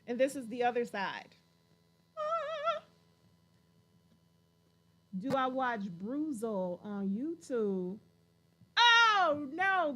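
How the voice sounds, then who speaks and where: A woman hosting a casual livestream chat, playful and teasing, laughing often as she reads viewer comments. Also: high voice.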